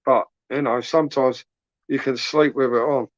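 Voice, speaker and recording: In lo-fi sound with no echo, a British YouTube host talks at a moderate pace in a steady, medium-pitched voice during a late-night live stream. His rambling, slangy British English is peppered with swearing and tag questions.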